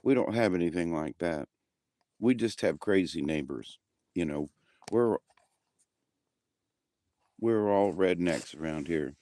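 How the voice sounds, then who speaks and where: A livestream host chats casually with his audience outside by his house at night, in a folksy, meandering style full of restarts. His low, animated, mellow voice moves slowly with long pauses. The handheld camera gives a dry recording.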